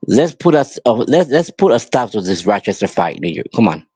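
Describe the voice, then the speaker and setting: A husky, warm-toned male voice, lowish and very animated, comes quickly through a dry recording. He's a podcast host giving an impassioned, angry monologue that pleads with the audience and keeps repeating itself.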